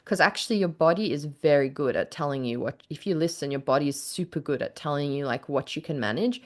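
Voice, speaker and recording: A woman's voice: low voice, quick pace. A woman chatting candidly on a podcast, telling a personal story with lots of "like" and acting out what people said. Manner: candid storytelling, heavy on "like", acts out quotes. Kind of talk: casual chat.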